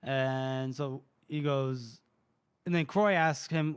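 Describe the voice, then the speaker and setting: A young man hosting a podcast, casually retelling a book chapter with relaxed swearing. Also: medium pitch, takes it slowly, smooth. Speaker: podcast host.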